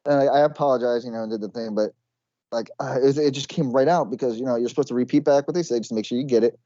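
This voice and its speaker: An American man co-hosts a podcast with quick, rambling, swear-laced chat. His voice is mellow and darker than most, though mid-pitched. The mic sounds dry and a bit dull. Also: no echo. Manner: rapid, rambling, swears casually. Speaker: podcast co-host. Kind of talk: casual chat.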